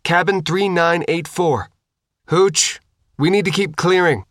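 A woman's voice: on the low side, a little slow, no room sound, clean studio sound, pitched above the performer's own voice, close to an everyday voice. A man voicing a tough young woman soldier in an audiobook, blunt and commanding. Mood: brisk orders. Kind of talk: audiobook character voice.

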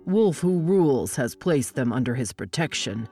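A woman narrator voicing a calm, firm male elf guard who speaks low and measured, in an audiobook fantasy reading. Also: breathy edge, faint music behind, heavily acted. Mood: stern.

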